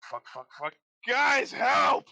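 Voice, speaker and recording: A man's voice: high voice, big pitch swings, moderate pace, pushed and bright, husky, dry recording, pitched above the performer's own voice, exaggerated voice. A man playing a flustered, cursing young guard. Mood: panicked. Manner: profane, stammering.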